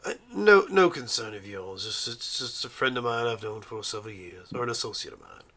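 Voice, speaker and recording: Bright-voiced male game master. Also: fairly low pitch, big pitch swings, fairly quick. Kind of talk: narrating and voicing a tabletop game.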